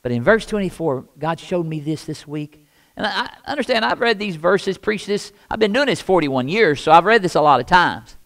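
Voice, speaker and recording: Older Midwestern male pastor, slightly high voice, sermon delivery that swings from hushed to loud with emphatic repeats. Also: animated, moderate pace. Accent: Midwestern American. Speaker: lead pastor.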